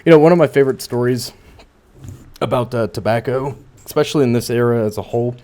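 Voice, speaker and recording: A man's voice: medium pitch, fast, mellow. A man casually commentating as he plays a video game, musing aloud with dry asides. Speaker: gameplay commentator. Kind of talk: casual let's play commentary.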